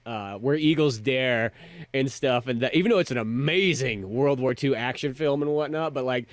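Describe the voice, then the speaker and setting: A man's voice: mid-range voice, moderate pace. A man co-hosting a film review podcast, chatting casually and rambling with many fillers. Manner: rambling, full of filler words and quoted asides. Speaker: podcast co-host.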